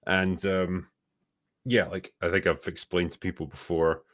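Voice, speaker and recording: A man with a softened Scottish accent talks in a casual, blunt way, dropping the odd swear word. His voice sits low. The sound is dry and close to the mic. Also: little pitch movement, unhurried, dry recording. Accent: mild Scottish. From Scotland. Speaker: show host reading superchats. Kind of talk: casual chat.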